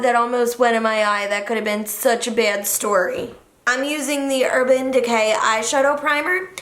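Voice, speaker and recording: A woman's voice: fairly high pitch, a bit bright. A young woman talking through a makeup tutorial in a chatty, joking way, correcting her own slips as she goes. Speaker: beauty vlogger. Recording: roomy echo.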